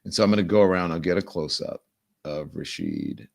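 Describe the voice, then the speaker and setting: A man's voice: low-pitched, a little fast, vocal fry, darkish tone. A middle-aged man hosting his own show, chatting in a rambling, effusive way before turning to emphatic news commentary. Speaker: show host.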